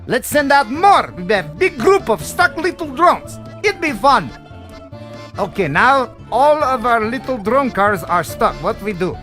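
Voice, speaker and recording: A man voicing a puzzled male company staffer in a put-on Russian accent, speaking broken, halting English. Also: very high voice, sing-song, pushed and bright, faint music behind, pitched above the performer's own voice, exaggerated voice. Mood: bewildered.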